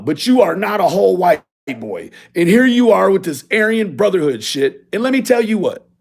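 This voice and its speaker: A man's voice: sits high, creaky. A man telling a profane, mocking story in a casual rant, often acting out other people's lines. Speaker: video blogger.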